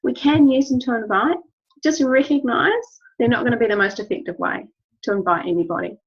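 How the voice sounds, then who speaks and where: A woman's voice: fairly high pitch, a little fast, slightly rough. A woman giving an instructional talk to her team, earnest and encouraging, repeating key phrases. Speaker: wellness business trainer. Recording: dull lo-fi recording.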